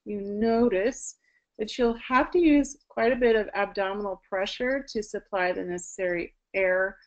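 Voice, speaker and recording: Poor audio records a woman with a mid-range voice talking at a moderate pace. She's a voice teacher explaining singing technique in an online presentation over a video call, with demonstrations both sung and spoken.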